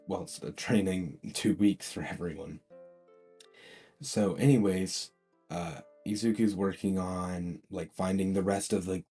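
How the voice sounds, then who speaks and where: A man's voice: low-pitched, mellow, slightly rough. A man telling a fan-made story in a casual, rambling way, full of fillers and restarts. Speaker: channel host.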